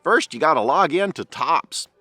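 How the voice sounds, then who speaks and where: A man chatting casually on an outdoor vlog, hushing and coaxing while he walks and sits to listen for birds. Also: on the high side, lively intonation, normal speed, dry recording, faint music behind. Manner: hushed, coaxing, folksy. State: a bit out of breath. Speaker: vlogger. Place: outdoors in woods.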